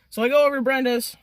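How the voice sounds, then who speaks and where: A woman telling a story in a casual, excitable way, swearing freely. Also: high voice, no echo, clean studio sound. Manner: profane and excitable.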